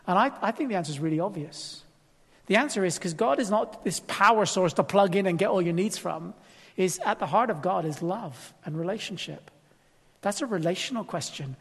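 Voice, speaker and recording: A man preaching a sermon in a conversational way, full of rhetorical questions, moving from loud emphasis to hushed tones. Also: extremely high pitch. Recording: long hall reverb.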